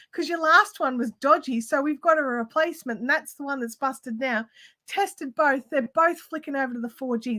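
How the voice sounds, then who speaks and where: A woman's voice: high voice, sharp tone. A woman hosting a craft livestream from home, telling an exasperated story in casual chat and mimicking the people she quotes. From Australia.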